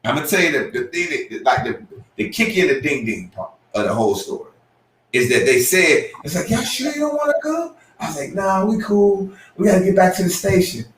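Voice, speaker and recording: A man co-hosting a podcast, telling a story with lively acted-out quotes and sudden jumps in pitch. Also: fairly quick, far from the mic, a little hiss or hum. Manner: excitable, acts out quotes with big pitch jumps. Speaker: podcast co-host. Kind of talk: animated storytelling. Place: room at a live podcast show. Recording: roomy, from off the mic.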